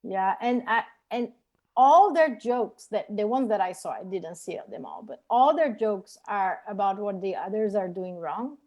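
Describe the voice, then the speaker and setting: A woman's voice: mid-range voice, expressive, a little slow, a little mellow. A woman from Brazil, a native Portuguese speaker with a Brazilian accent, chatting as a podcast guest in a thoughtful, hesitant way as she searches for words. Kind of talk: casual chat.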